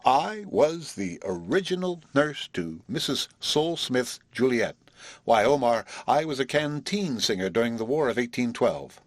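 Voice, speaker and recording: A man reading the part of a flippant, teasing young woman in an audiobook, with a husky voice and brash, drawn-out banter. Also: medium pitch, big pitch swings, no echo, voice pushed up.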